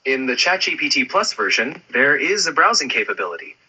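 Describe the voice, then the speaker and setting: Male AI assistant, very bright and breathy, upbeat chat. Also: medium pitch, very animated, a little fast, poor audio. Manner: smooth, friendly and upbeat, ends turns with questions. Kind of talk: conversational AI chat.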